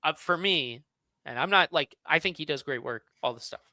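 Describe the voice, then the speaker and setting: Animated bright-voiced man. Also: a little high, normal speed, no room sound. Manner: animated, agreeable, laughs often. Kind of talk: casual podcast chat.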